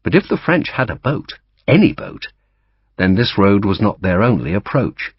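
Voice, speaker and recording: A man narrating an audiobook in a lively storytelling manner, giving each character a voice. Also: on the low side, moderate pace, slightly rough, no room sound. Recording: dull dry audiobook recording.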